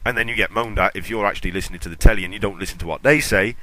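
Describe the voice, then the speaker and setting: A man's voice: fairly low pitch, racing. A man hosting a tech podcast, chatting casually in a rambling, self-mocking way and going off on rants. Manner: ranting, self-mocking, off-topic. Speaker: podcast host. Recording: loud background noise.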